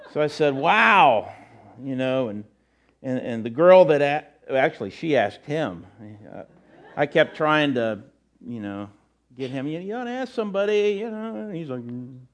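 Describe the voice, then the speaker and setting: A man's voice: on the high side, expressive, unhurried, long pauses. A middle-aged man preaching a sermon in church as pastor, telling folksy, rambling stories with many fillers and restarts.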